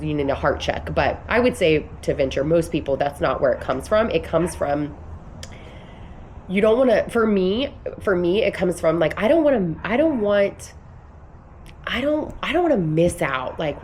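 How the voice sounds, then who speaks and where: A woman's voice: fairly low pitch, big pitch swings, moderate pace, a little mellow, slight background noise. A woman in her thirties vlogging, talking in an earnest, emphatic way that rambles with restarts as she coaches on business and belief. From United States. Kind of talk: casual motivational vlog talk.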